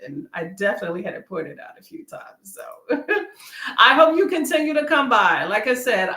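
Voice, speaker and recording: A woman's voice: medium pitch, pushed and bright, roomy sound. A woman from Texas hosting a casual live chat, chatty and upbeat as she reads out viewer comments. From Texas, USA. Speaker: livestream host. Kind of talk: casual live chat during reading sprints.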